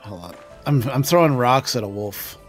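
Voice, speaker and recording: A woman live streaming a game, excitable and swearing, laughing and yelling at what happens on screen. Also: very deep voice, moderate pace, soft background music. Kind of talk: casual gameplay commentary.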